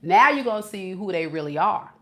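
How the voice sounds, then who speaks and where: A woman's voice: mid-range voice, animated, a little fast, fairly bright tone. A woman tarot reader giving a casual, chatty reading to her viewers, acting out quoted voices and laughing at herself. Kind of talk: casual spiritual reading to camera.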